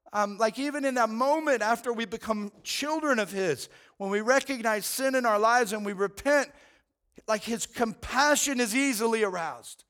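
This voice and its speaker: In an extremely high-pitched, fairly bright voice, a man preaches a sermon as pastor. He sounds earnest and conversational and tends to repeat words as he goes.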